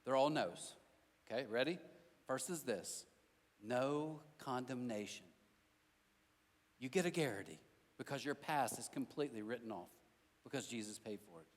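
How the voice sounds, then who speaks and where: With a medium-pitched, animated voice, a pastor preaches at a moderate pace, leaving long pauses that hang in the large hall. He addresses his congregation through conversational stories and emphatic repetition.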